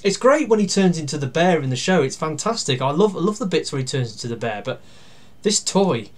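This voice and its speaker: A man giving a casual toy review. He talks through each step while handling the toy, pausing and using fillers, and grumbles dryly about its flaws. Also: a little high. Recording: steady background noise with plastic clicks.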